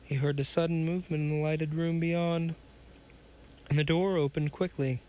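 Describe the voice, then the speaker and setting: A man's voice: a little high, steady tone, moderate pace, a little mellow. Casual man reading a pulp story aloud. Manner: casual asides, stumbles over words. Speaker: podcast host reading stories.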